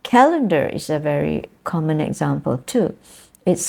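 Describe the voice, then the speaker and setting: A woman's voice: deep voice, moderate pace, gravelly, darkish tone. A woman lecturer with a Malaysian English accent, giving a patient classroom lecture, repeating examples and often checking that students follow. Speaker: university lecturer.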